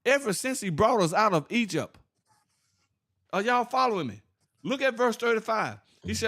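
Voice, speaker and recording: A man with teaching scripture informally, asking rhetorical questions, laughing and reading verses slowly. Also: high voice, sing-song, a bit bright. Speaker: Bible teacher.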